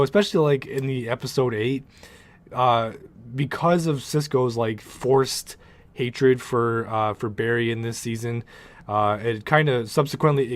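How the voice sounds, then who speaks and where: A young man talking casually through his thoughts on a TV season, rambling and excitable, with frequent swearing. His voice sits at an ordinary middle pitch. The sound is dry and close, with no room echo. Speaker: TV show reviewer. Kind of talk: casual spoken review.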